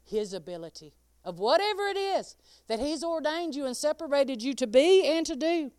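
A woman's voice: high voice, animated, normal speed, a little mellow, no echo. A woman preaching a sermon, laughing often and calling out listeners by name.

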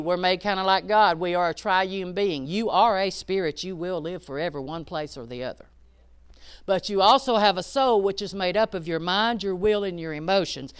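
A woman preaching a sermon, rising to loud emphatic peaks and dropping to hushed asides. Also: medium pitch, clear, resonant tone.

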